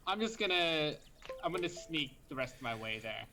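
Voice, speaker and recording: A man playing a tabletop game, hesitant and thinking out loud. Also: fairly high pitch, very animated, normal speed. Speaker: player. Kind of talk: casual game play.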